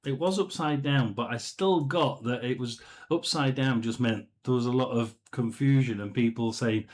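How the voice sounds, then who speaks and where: A man hosting a live tarot session, musing aloud and often clearing his throat. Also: mid-range voice, moderate pace, few pauses, low-quality recording. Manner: musing, talks to himself, frequent throat clearing. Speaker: tarot reader and live stream host. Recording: steady background noise.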